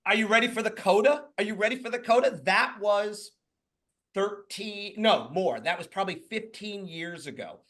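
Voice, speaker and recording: A man's voice: high voice, moderate pace. A man in his fifties, a podcast guest, telling personal stories in casual chat, acting out the quoted lines and swearing freely. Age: 50s. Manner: animated, acts out quoted dialogue, swears freely. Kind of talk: casual storytelling.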